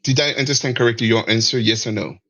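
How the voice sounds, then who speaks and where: A man with a French Canadian accent debating in a live online discussion, pressing the same question again and again with halting, repeated phrasing. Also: mid-range voice, steady tone, fairly bright tone.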